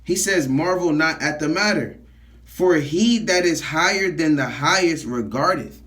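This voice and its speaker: Guy preaching scripture, kinda high voice, reads a verse then breaks it down, keeps saying all right?. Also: measured pace, fairly bright tone. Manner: reads verses aloud then explains them in plain talk, often asking "all right?". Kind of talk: street sermon teaching scripture.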